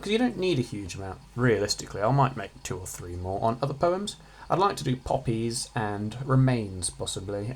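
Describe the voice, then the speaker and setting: Teenage lad, offhand study-channel host who cracks jokes, regular voice. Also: male voice, mid-range voice, breathy edge. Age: teens. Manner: chatty, offhand, jokey asides. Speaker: student revising on his channel. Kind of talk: casual revision lesson.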